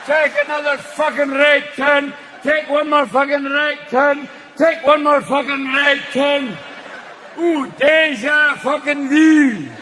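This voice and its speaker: A man's voice: very high-pitched, steady tone, takes it slowly, a crowd in the background, background noise, pitched above the performer's own voice. Man doing a swearing Scottish car navigator. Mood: exasperated. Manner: shouting, swearing. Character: foul-mouthed, blunt Scottish male car navigator.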